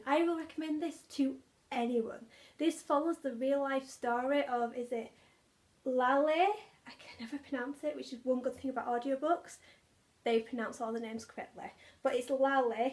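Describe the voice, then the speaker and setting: A young book vlogger with a high, slightly mellow voice chats enthusiastically about her favourite audiobooks, often repeating words for emphasis.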